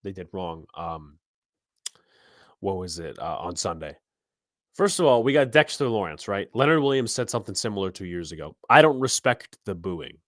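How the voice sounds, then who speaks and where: A man hosting a live sports podcast, ranting heatedly and profanely about his team, his voice swelling loud when angry. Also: low voice, animated, normal speed, no echo, clean studio sound. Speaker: podcast host.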